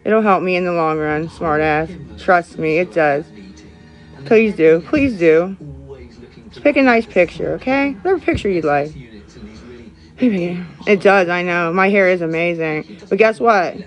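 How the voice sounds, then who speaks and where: A woman's voice: lowish voice, measured pace, faint music behind. A woman streaming live, chatting to viewers in a sarcastic, profane, rambling way. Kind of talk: casual live-stream chat.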